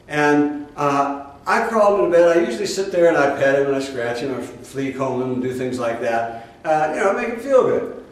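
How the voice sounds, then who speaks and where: A man from Iowa gives a spiritual talk in an emphatic, folksy way, with mocking asides. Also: fairly high pitch. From Iowa, USA. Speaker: spiritual teacher. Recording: very echoey room, heard from a distance.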